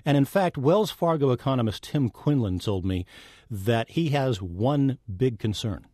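A man's voice: medium pitch, animated, unhurried, a little mellow, no room sound. A man working as a senior business correspondent in a radio studio, explaining the week's economic news in a jovial manner.

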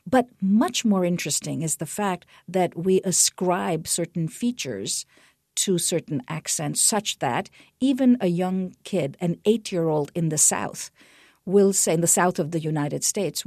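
A middle-aged woman explaining research findings in a radio interview, animated and given to restarts. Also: on the low side, no room sound, clean studio sound. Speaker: guest researcher.

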